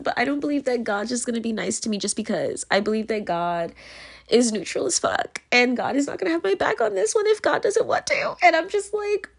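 A woman's voice: fairly high pitch, expressive, fairly quick, gravelly. A young woman talking straight to her audience, venting in a rambling, emotional way with many filler words, scared and close to tears. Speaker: vlogger. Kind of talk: casual venting monologue.

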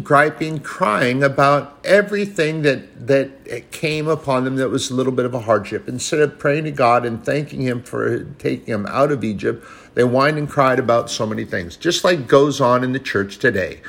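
A man's voice: mid-range voice, creaky. A man preaching a sermon, quoting scripture in an old-style cadence and building to emphatic, rising passages.

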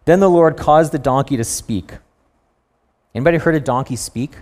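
A man preaching a sermon to a congregation, telling a Bible story in a lively, storytelling way with playful asides. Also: a little high, normal speed. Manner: storytelling, animated with voiced asides.

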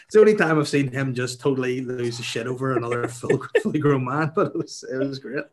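A young man, telling a funny story in casual chat, animated and laughing, swearing freely. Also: mid-range voice, fast, background noise.

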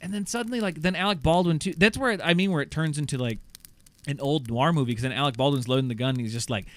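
A man casually recapping a movie plot on a podcast, rambling and animated, swearing and acting out lines of dialogue. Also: a little high, fast talker. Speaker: podcast co-host.

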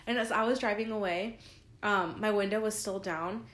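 A woman's voice: medium pitch, steady tone, normal speed, fairly bright tone. A young woman co-hosting a podcast, telling stories in a casual, chatty way full of fillers, sounding tired. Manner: chatty storytelling with many likes and ums. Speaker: podcast co-host. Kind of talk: casual chat. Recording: roomy echo.

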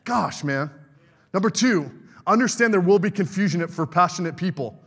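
Fervent high-voiced male preacher. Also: animated, normal speed, a bit bright, slightly rough, big-room sound. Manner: fervent, calls for amens. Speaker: pastor. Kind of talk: sermon.

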